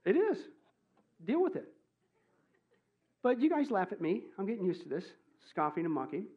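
A man preaching a sermon as pastor, joking and animated, swinging from loud exclamations to hushed asides. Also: high-pitched, normal speed, narrow, tinny audio.

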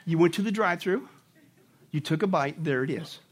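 A man preaching a sermon, animated, asking the congregation rhetorical questions and acting out quick mock voices. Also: on the high side. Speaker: pastor.

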